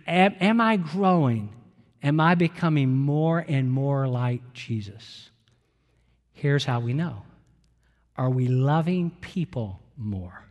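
Earnest preacher in a reverberant church. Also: male voice, a little high, darkish tone. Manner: earnest, slow and emphatic with pauses. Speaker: pastor. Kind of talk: sermon. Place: church sanctuary.

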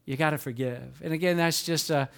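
A high-pitched man preaching a sermon as a pastor. He tells stories with lively bursts of feeling, then drops to soft, earnest asides. He sounds middle-aged. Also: a little fast, gravelly. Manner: storytelling, swings from animated outbursts to hushed earnest tones.

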